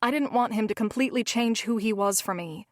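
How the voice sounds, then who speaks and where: A woman narrating a romance novel in first person, measured and steady. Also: on the high side, dry recording, clean studio sound. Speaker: audiobook narrator.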